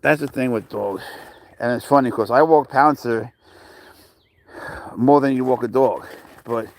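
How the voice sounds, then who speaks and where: Speaking a little slowly in a mid-range voice, this man rambles to his live-stream audience while taking his cat for a walk outside. He addresses people as "bro," and his pitch rises when he tries to coax the animal.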